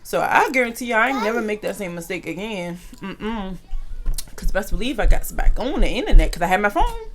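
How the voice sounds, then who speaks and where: A young adult woman vlogger telling a casual story to her viewers in an animated, slangy way. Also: mid-range voice, fairly quick, a little hiss or hum.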